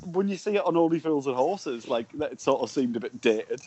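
A man's voice: medium pitch, expressive, a little fast, lo-fi sound. Chatty man laughing often. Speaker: podcast co-host. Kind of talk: casual chat.

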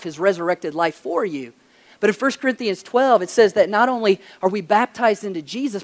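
A pastor preaching a conversational sermon, telling stories and pressing emphatic questions. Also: male voice, high voice.

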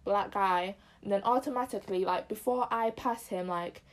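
A woman's voice: mid-range voice, normal speed. A young woman from Zimbabwe in casual chat as a podcast co-host, talking loosely with many fillers.

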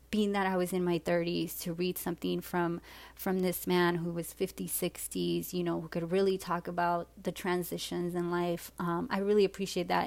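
A woman in her forties tells her own story with frank, unpolished candor, cursing freely and leaning on fillers. Her voice sits low with a gravelly edge, and her delivery stays fairly level in pitch. The sound is dry and close. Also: a little mellow, no room sound. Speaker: personal storyteller. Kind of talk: candid personal storytelling.

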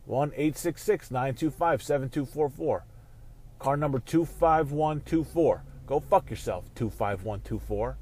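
A man hosting a casual sports talk show from his car while driving, ranting and swearing, quick to flare into angry outbursts. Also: medium pitch, mellow, slight background noise. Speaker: show host.

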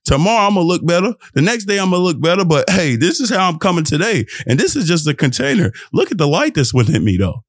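A man's voice: sits high, quick pace, few pauses, slightly rough, no room sound, studio quality. A young man from Texas hosting his own podcast, giving a rambling, preachy motivational rant that jumps between thoughts and breaks into laughs. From Texas, USA. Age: young adult. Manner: animated, emphatic, laughs often. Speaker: podcast host.

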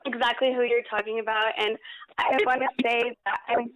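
A woman's voice: a little high, flat delivery, moderate pace, fairly bright tone, rough recording. A woman guest on a podcast interview, talking casually in a gushing, emotional way and repeating herself.

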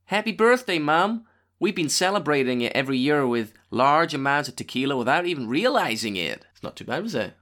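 A man's voice: fairly high pitch, very animated, a little fast, a bit bright. A man doing a hammy American voice. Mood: cheery. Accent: attempted American. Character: man putting on a cheery American voice.

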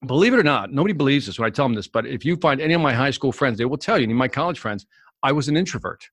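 Fast-talking animated male storyteller. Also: medium pitch, dry recording. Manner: animated storyteller, acts out the people in his stories. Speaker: guest, sales expert. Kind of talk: storytelling in a podcast interview.

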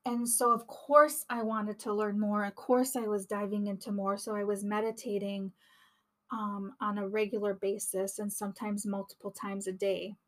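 A woman's voice: mid-range voice, level tone, normal speed, a bit bright. A woman hosting a podcast, telling her personal story in an earnest, reflective way, often restarting her sentences. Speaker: podcast host and healer.

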